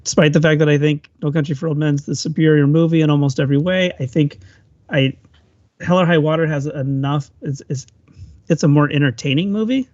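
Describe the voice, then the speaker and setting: A man co-hosting a podcast, musing on films with thoughtful pauses. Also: on the high side, steady tone, darkish tone, no room sound. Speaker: podcast co-host. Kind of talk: casual film discussion. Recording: dull, dry lo-fi audio.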